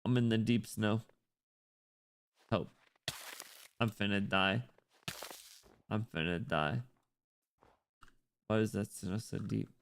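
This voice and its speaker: A man's voice: fairly low pitch, steady tone, slow pace, pauses often, a little hiss or hum. An American man streaming, chatting casually while he plays, rambling and joking and swearing often. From United States. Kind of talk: casual gameplay commentary.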